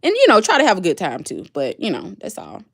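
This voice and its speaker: Chatty woman with lively pitch. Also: quick pace, creaky, breathy edge. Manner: chatty, reads and answers comments aloud. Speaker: livestream host. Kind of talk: casual livestream chat with viewers.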